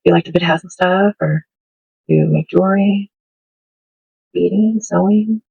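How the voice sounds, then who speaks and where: Gravelly, husky middle-aged woman chatting. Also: on the low side, moderate pace, dull audio. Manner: chatty and rambling, with soft laughs. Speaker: craft video host. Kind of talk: casual craft-with-me chat. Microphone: smartphone.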